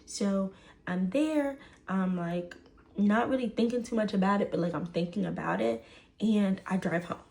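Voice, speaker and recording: A woman's voice: medium pitch, moderate pace, creaky, a little mellow. A woman, casually telling a personal story full of fillers and "right?". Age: 20s.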